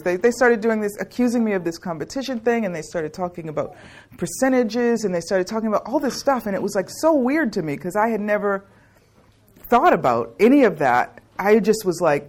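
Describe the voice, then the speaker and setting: A woman's voice: medium pitch, animated, normal speed. A middle-aged woman who leads classes, giving a casual, rambling talk to a live audience and joking and laughing often. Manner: rambling, with many restarts and fillers. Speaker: class facilitator.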